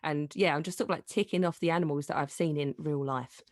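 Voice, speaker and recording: A woman's voice: deep voice, steady tone, fast, a little mellow, no room sound, studio quality. A woman from London with a Cockney accent, a podcast guest who talks in a chatty, blunt, down-to-earth way. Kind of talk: casual chat.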